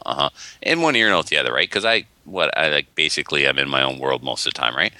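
A man with a very deep voice that still cuts through with a bright, forward edge. He co-hosts a relaxed podcast, rambling through long stories and acting out the voices of people he quotes. The sound is dry and close, with no room around it. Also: fast, no room sound. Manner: rambling, animated storyteller, acts out quoted voices. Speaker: podcast co-host. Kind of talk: casual chat.

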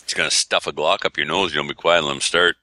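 A man's voice: extremely low pitch, steady tone, fast, sharp tone, no echo. A man co-hosting a podcast, teasing and joking in casual banter. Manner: teasing, jokey. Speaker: podcast co-host.

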